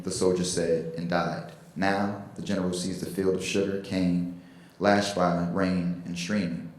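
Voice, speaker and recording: A man giving a slow, measured poetry reading at a public event. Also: sits low, little pitch movement. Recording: very echoey hall.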